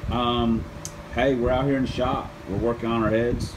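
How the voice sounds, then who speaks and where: A man's voice: medium pitch, little pitch movement, normal speed, noisy background. A man hosting a casual car-project vlog from his home workshop, laid-back and rambling, poking fun at himself. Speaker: channel host.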